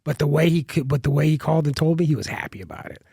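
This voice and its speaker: A man's voice: a little high, very fast, gravelly, a crowd in the background. A man telling a long rambling story on a podcast, full of restarts and casual swearing. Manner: rambling, many restarts and fillers, swears freely. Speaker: guest comedian.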